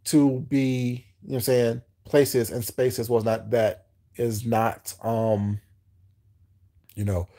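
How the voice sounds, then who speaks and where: A man's voice: mid-range voice, flat delivery, slow, dark tone. A man hosting a livestream, chatting casually with his viewers in a rambling, repetitive way, often asking whether they know what he's saying. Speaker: livestream host.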